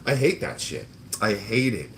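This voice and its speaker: A man hosts a casual livestream about card games and rants at length in a profane, exasperated tone. His pitch swoops up and down a lot as he mocks people with squeaky put-on voices. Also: sing-song, normal speed, fairly bright tone, slight background noise. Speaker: card game show host. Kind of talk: ranting livestream chat.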